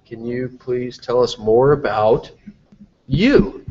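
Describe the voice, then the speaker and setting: A man with a slightly nasal voice hosts a casual live interview, cracking jokes and firing off quick follow-up questions. The mobile broadcast sound is a little dull and lo-fi. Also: medium pitch, darkish tone, slight background noise. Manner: chatty, joking, asks quick follow-ups. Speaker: interviewer and host.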